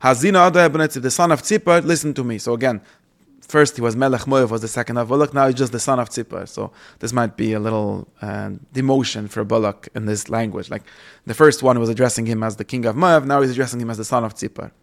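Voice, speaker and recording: Gravelly man teaching scripture. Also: mid-range voice, fairly even intonation, fast talker. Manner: reads Hebrew verses aloud and translates them, with fillers and restarts. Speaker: Bible teacher. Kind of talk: explanatory lesson on scripture.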